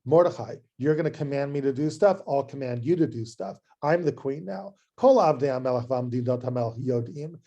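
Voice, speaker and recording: A man's voice: medium pitch, brisk, hardly any pauses, warm tone, muffled recording, close to an everyday voice. A man voicing a young queen who pleads awkwardly and then pushes back defiantly. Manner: hesitant, rambling, apologetic.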